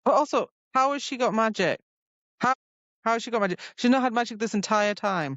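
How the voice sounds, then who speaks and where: A woman's voice: a little high, brisk, a bit bright, dry recording. Woman cohost asking question after question, kinda muffled dry recording. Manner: quizzical, fires off repeated questions. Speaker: podcast co-host. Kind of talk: casual book-discussion chat. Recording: dull lo-fi sound.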